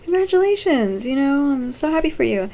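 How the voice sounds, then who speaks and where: A woman's voice: high-pitched, very animated, a little fast, mellow, dull audio, voice pushed up. A woman voicing a cheerful, effusive young man in a retold scene. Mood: eager.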